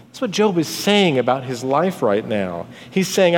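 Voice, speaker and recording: Earnest preacher in a reverberant hall. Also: male voice, a little high, very animated, brisk, hardly any pauses. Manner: earnest and conversational, storytelling asides. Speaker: pastor. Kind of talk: sermon. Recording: long church hall reverb.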